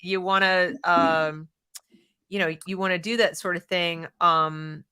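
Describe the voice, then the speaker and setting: A woman's voice: on the low side, a little slow, crowd noise. A woman hosting a conversational interview, talking emphatically and urging listeners to act. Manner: emphatic, animated, mocks opponents in a put-on voice. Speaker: podcast host.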